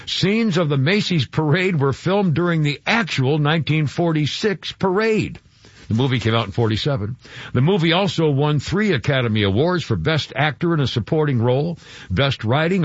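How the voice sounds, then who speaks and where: Male radio host, animated and loose, slightly husky, lo-fi broadcast sound. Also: fairly high pitch, moderate pace, dry recording. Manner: rambling, laughs easily, lively. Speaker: radio talk show host. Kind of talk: casual radio chat.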